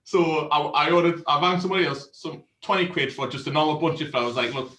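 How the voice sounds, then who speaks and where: A man's voice: on the high side, fast talker, reverberant, low-quality recording. Laughing man telling stories. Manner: animated storyteller, swears freely, laughs often. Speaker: co-host of a beer review show. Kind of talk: casual storytelling chat.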